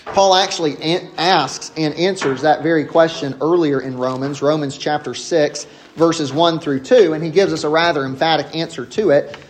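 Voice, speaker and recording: A man preaching an expository sermon, emphatic, slowing down to stress key phrases. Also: a little high, slight background noise.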